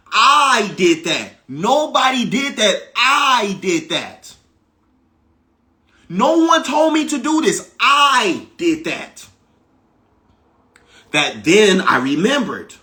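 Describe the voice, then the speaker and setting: Man, motivational spiritual monologue, emphatic, repeats himself, very animated pitch, bright tone. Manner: emphatic and preachy, repeating phrases for effect; swings from loud exclamations to low, quiet asides. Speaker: spiritual teacher.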